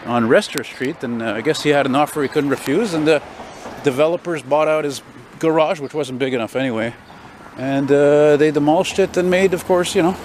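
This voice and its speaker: Rambling, opinionated older man walking outdoors. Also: a little high. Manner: rambling, opinionated, self-described loudmouth. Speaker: walking vlogger. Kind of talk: casual walking commentary. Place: city street outdoors, walking. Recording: street noise behind.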